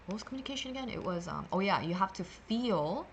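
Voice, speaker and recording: A woman's voice: mid-range voice, animated, fast talker, a little hiss or hum. A woman hosting a meditation livestream, talking casually and sassily through a card reading, rambling with playful filler sounds.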